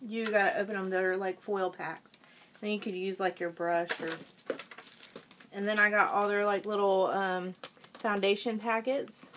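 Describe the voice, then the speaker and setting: Slow-talking bright-voiced woman vlogger. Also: mid-range voice, steady tone, a little hiss or hum. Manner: chatty, eats and chews while talking. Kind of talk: casual product haul chat.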